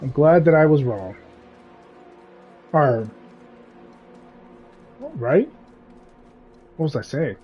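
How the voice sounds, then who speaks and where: A man chatting casually on a live game stream, rambling and telling stories with lively energy. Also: a little high, extremely slow, long pauses, dull audio, faint music behind. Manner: rambling, animated storytelling. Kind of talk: casual live-stream chat while gaming.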